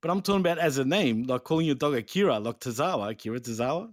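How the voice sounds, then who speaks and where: A man's voice: mid-range voice, expressive, rapid-fire, no room sound, clean studio sound. A man co-hosting a casual wrestling podcast, swearing bluntly and joking. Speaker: podcast co-host.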